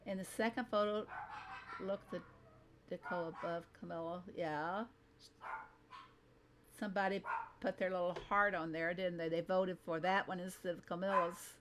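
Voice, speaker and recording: Against a noisy background, a woman from the Southern United States hosts a laid-back reaction commentary in a fairly low, fairly even voice at normal speed with long pauses. Her Southern twang carries chatty talk, frequent laughter, and self-deprecating asides.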